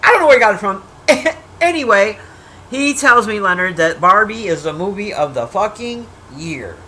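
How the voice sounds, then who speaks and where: A woman with a mid-range, bright, expressive voice and a forceful tone rambles bluntly about a movie on a casual livestream. She swears freely, trash-talks, and teases her silent chat, restarting often and wandering into drawn-out asides. The audio is poor, with a little hiss or hum.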